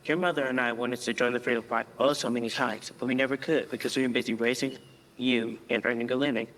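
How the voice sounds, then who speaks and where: A man's voice: mid-range voice, steady tone, quick pace, a bit bright, slight background noise, natural voice. An actor playing a principled Indian father who speaks earnestly and persuasively. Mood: reflective. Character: principled Indian father, calm adult man. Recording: hall reverb, faint ambience.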